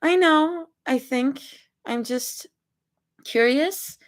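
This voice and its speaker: A woman's voice: high voice, very slow, pitched above the performer's own voice. A woman voicing a playful young woman stuck in a hospital bed, reading a fanfic aloud in a whiny, teasing manner. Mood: pleading.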